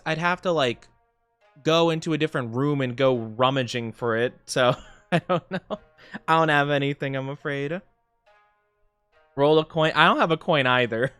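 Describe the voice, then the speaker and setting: A man streaming as a VTuber, chatting casually with viewers while he plays and reading chat aloud. He rambles and laughs often, and gets excited when he greets people. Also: on the high side, clean tone, no room sound.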